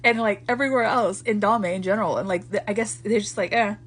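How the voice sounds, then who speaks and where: A woman's voice: mid-range voice, fast, breathy edge. A woman giving a casual book talk, ranting with lots of swearing as she reviews a novel. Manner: profane, animated ranting.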